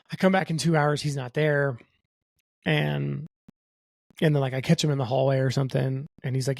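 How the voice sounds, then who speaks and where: A man's voice: mid-range voice, steady tone, normal speed, gravelly, long pauses, a little mellow, no echo. A young adult man telling a long, profane story as a podcast guest, acting out what other people said in his own voice. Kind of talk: casual storytelling.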